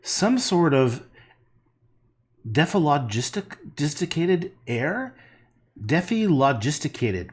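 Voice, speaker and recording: Brief: man livestream painter, husky and animated, rambling and profane. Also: a little high, takes it slowly. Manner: rambling, joking, swears, talks to chat. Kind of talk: casual livestream chat while painting.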